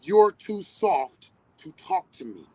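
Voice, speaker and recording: A man's voice: very animated, slow, dark tone, a little hiss or hum, poor audio. A man hosting a live stream, talking in a passionate, confrontational, profane way that never backs down. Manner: high-energy, passionate, profane; confrontational, emphatic. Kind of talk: heated casual monologue.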